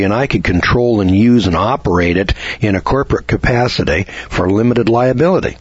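A man's voice: medium pitch, husky, no echo, highs cut off. A middle-aged man, hosting a radio lecture, who talks in a folksy way and asks lots of rhetorical questions.

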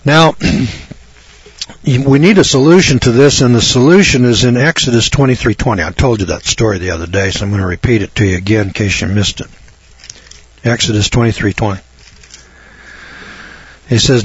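A man's voice: mid-range voice, a little fast, breathy edge, no room sound. A man hosting a radio talk show, preaching emphatically and reading out long lists and scripture. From American South. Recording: dull dry radio broadcast sound.

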